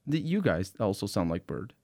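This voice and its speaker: A man's voice: lowish voice, very animated, normal speed, darkish tone, no room sound, studio quality. A man from outside the United States in casual podcast chat, rambling and searching for words, often laughing.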